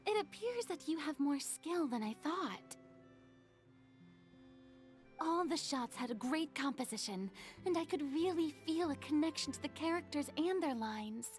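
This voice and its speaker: Proud theatrical young woman, game voice, haughty, showy, soft game music behind. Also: sits high, expressive, a little slow.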